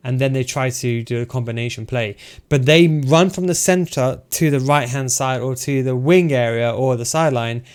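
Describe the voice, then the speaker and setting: A man's voice: medium pitch, normal speed, clear, resonant tone. A man losing his voice, explaining game tactics step by step in a casual spoken tutorial and talking straight to his viewers. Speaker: video game tactics coach.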